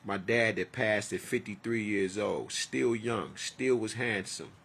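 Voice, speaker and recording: A man's voice: fairly low pitch, unhurried, gravelly, a bit bright, slight background noise. A man in his forties talking in a rambling, profane, heartfelt personal monologue. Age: 40s.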